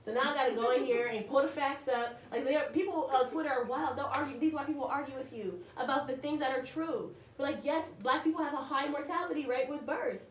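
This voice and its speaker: A fast-talking woman with a slightly raised pitch tells heated stories in casual group chat. She sits away from the mic in an echoey room. A faint hum of noise runs underneath. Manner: animated, heated storytelling. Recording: roomy, distant mic with background noise.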